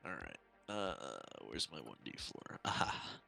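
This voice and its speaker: A man taking part as a player in a tabletop game, eager and lively. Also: extremely low pitch, unhurried, creaky, soft background music.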